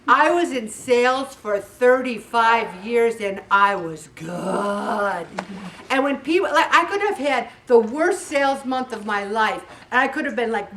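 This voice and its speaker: A middle-aged woman giving a casual motivational talk to a faith group, animated and laughing often as she tells stories. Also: a little high, far from the mic, a little hiss or hum.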